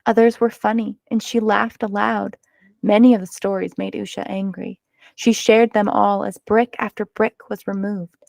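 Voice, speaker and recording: Woman reading a children's book aloud, gravelly. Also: medium pitch, no echo. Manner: expressive, measured narration. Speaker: storyteller.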